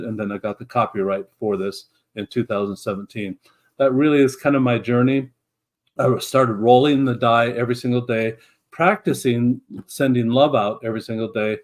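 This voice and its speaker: A middle-aged man, a guest in an interview, telling his story in an earnest, reflective way with frequent restarts. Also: mid-range voice. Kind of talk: conversational storytelling.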